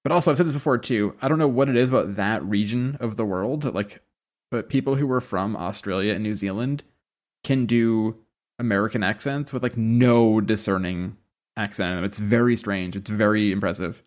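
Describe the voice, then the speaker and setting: A man's voice: fairly low pitch, moderate pace, darkish tone. A man co-hosting a podcast, chatting and explaining his opinions with many "like"s. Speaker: podcast co-host. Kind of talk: casual chat about a TV show.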